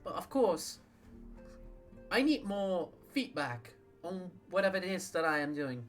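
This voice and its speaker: A man's voice: high-pitched, very animated, unhurried, faint music behind. A man talking casually while streaming a game, with chatty, self-deprecating asides.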